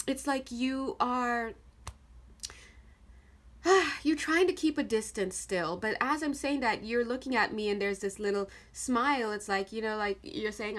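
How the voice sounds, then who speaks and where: A woman giving a casual tarot reading, talking straight to the viewer in a chatty, animated way and laughing often. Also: on the high side. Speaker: tarot card reader.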